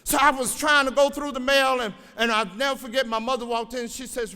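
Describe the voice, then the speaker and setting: High-voiced older man telling stories in a hall. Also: fairly even intonation, a little fast, hardly any pauses, sharp tone, clear, resonant tone. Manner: folksy storytelling, exhorting the crowd. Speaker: graduation speaker and educator. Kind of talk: motivational graduation speech. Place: large auditorium. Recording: reverberant hall.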